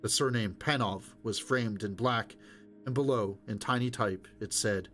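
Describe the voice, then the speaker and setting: A man reading a novel aloud as audiobook narrator, in a steady, measured way. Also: fairly low pitch, faint music behind.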